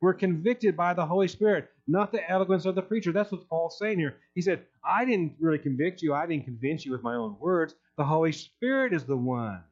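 Male pastor preaching a sermon, emphatic delivery, slightly raised pitch, muffled lo-fi recording. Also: animated, a little fast, few pauses. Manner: emphatic, reads scripture aloud then explains it. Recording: dull lo-fi recording.

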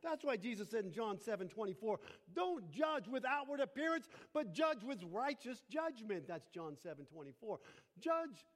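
Male pastor with a high voice, delivering a sermon with repetition and questions to the congregation, long hall reverb. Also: sing-song, moderate pace, fairly bright tone. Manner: repeats phrases for emphasis, asks the congregation questions.

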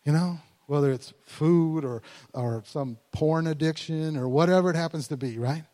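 A man preaching a conversational sermon as pastor, animated and slowing down to stress scripture. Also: a little high. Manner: conversational and animated, voice rising in bursts; slows down to stress scripture words. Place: church sanctuary. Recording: long hall reverb.

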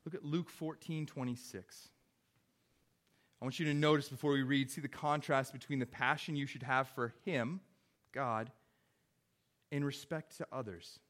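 A young man preaching a sermon, earnest and conversational, dropping wry asides between points. His voice sits at an ordinary middle pitch for a man. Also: fairly even intonation, moderate pace, a bit bright. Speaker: pastor.

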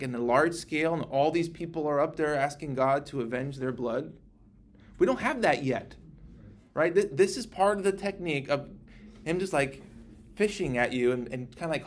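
A man teaching a casual Bible class, talking in a conversational, animated way and acting out the scripture he quotes. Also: on the high side, a little hiss or hum.

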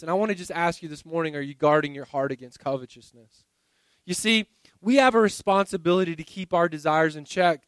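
A man's voice: a little high, no echo. A man preaching a sermon in a conversational way, often repeating words as he searches for the next thought. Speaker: pastor.

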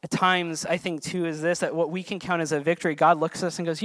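A man preaching a sermon as a pastor, earnest, building to emphatic peaks and then dropping soft. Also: on the high side, flat delivery, fast talker, few pauses.

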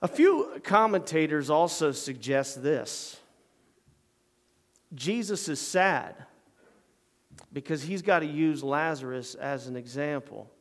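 A man preaching a sermon in a church. He swings from quiet, low passages to loud, emphatic ones. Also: in a large hall. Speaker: pastor.

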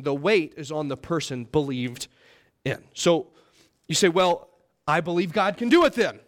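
A young man preaching a sermon as pastor, earnest and emphatic, often checking in with the congregation with "all right?" and "okay?", his voice rising when he mimics others and dropping low for prayers. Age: young adult.

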